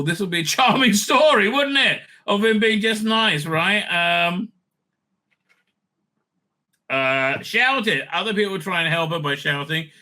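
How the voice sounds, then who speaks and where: At home with a dog nearby, a vlogger reads TV news aloud in a high, pushed, bright voice. He keeps breaking off into sarcastic, scornful asides, with plenty of fillers and hesitations.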